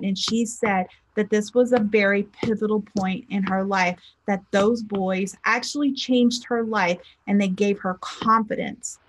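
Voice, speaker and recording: A woman's voice: medium pitch, slight background noise. A woman giving a casual motivational talk as a life coach, chatty and acting out the people she quotes. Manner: chatty, acts out quoted people in lively voices. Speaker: spiritual teacher and life coach.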